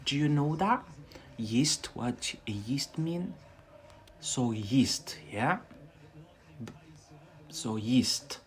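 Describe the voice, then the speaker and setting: A man's voice: medium pitch, animated, extremely slow, pauses often. A man with a Scottish-influenced accent teaching English on a casual livestream, chatty and loose, repeating words for his viewers. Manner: talks to viewers directly and stretches out key words.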